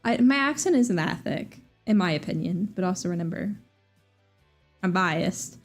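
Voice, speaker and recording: Fast-talking Southern woman streamer. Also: fairly low pitch, faint music behind. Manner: fast, rambling and animated, with many fillers and restarts. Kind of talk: casual livestream chat.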